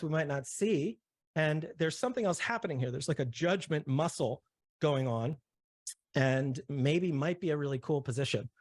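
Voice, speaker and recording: Brief: male presenter, explanatory, higher-pitched, dry close mic, frequent check-in questions. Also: dry recording. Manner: checks in often with "right?" and "okay?", builds everyday examples. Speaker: session presenter. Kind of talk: explanatory talk to a discussion group.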